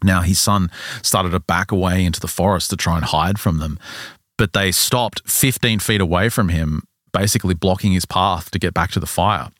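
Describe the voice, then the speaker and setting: A man hosting a podcast, telling a story in a casual, animated way and acting out the characters' lines. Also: low voice, moderate pace, dry recording, clean studio sound.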